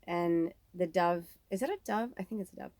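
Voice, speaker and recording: In a lowish, darkish voice at a normal speed, this woman in her thirties delivers a relaxed psychic reading. She rambles openly and curses a lot as a psychic medium, and the recording has no echo.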